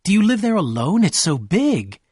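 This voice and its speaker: Storybook: man voicing an excitable young woman, high and breathless, dry close read. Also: unhurried, no room sound. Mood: gushing. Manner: breathless gushing exclamations.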